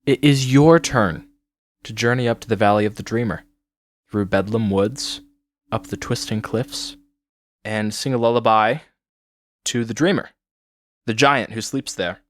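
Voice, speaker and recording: A man voicing a calm, serious village woman. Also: on the low side, unhurried, long pauses, lightly acted. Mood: grave.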